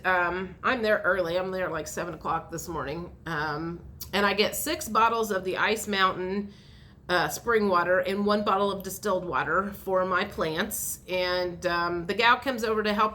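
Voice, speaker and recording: Speaking at a normal speed and an ordinary middle pitch, a woman vlogs a long, rambling account of everyday events, full of fillers and restarts. Her voice is bright and forceful, with a little hiss or hum in the audio.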